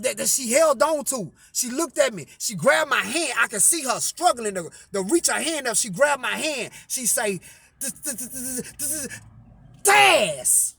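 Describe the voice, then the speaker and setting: High-voiced man telling a story, profane. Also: gravelly, bright, forceful tone, husky, no echo. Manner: repeats "I say" to frame quotes, emphatic.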